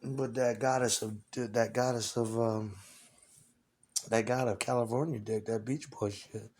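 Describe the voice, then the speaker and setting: Hoarse touring singer guy, swearing nonstop, animated storytelling, middle pitch. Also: unhurried, a little hiss or hum. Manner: animated, swears constantly, acts out exchanges. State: hoarse from weeks of screaming. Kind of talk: rambling profane storytelling.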